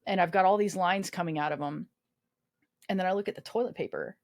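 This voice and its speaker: Speaking fast in a lowish voice, a twenty-something army veteran guesting on a podcast shares a personal story. She's candid and self-mocking, swearing and using plenty of fillers.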